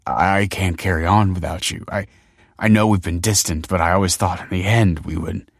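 A man's voice: low voice, fairly even intonation, moderate pace, dry recording. A man reading an audiobook, voicing a desperate husband who stammers and pleads. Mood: grieving. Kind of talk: audiobook character voice.

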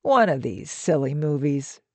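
A woman's voice: sits low, big pitch swings, a little slow, a little mellow, dry recording, heavily acted. A woman voicing an aging male film actor with easygoing, practiced charm in an audiobook reading. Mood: breezy. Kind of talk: audiobook narration.

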